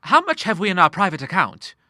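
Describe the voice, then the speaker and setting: A man's voice: high-pitched, very animated, bright, forceful tone, no room sound, studio quality, pitched above the performer's own voice, full character voice. A man doing a hesitant young man. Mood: uneasy. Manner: hesitant, apologetic, halting. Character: earnest young man, hesitant junior partner. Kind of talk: audiobook character voice.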